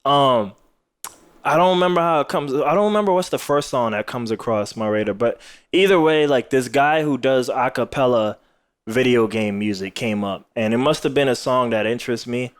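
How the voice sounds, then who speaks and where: Man, podcast host, casual chat, laughs a lot, rambling, tired, mid pitch. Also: moderate pace, smooth. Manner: laughs often, rambling with many fillers.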